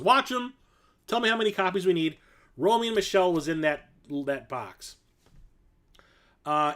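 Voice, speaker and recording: A man's voice: fairly high pitch, a bit bright. A man in his forties hosting a casual livestream, rambling and enthusiastic, full of fillers like "um" and "like". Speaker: host.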